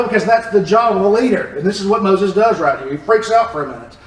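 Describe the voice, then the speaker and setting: Recorded distantly in a reverberant church room, a man teaches a Bible passage fast and with few pauses. He's animated and jokey, and his voice is high for a man.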